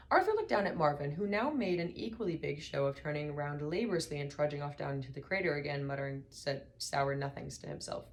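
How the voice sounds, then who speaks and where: A woman reading a novel aloud as narrator, in a measured, dry way. Her voice sits very low for a woman. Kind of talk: audiobook reading.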